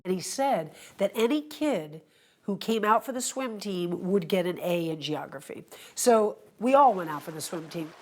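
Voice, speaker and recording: A woman, a swimmer, recalling her life in an unhurried, reflective personal story. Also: medium pitch, expressive, a little mellow, poor audio. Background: instrumental music.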